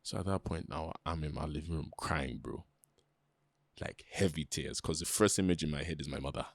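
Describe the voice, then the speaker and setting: Animated young man. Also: rumbling low, fairly quick, vocal fry, dry recording. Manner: animated storyteller, slangy, acts out quoted voices. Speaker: podcast co-host. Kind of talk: casual storytelling chat.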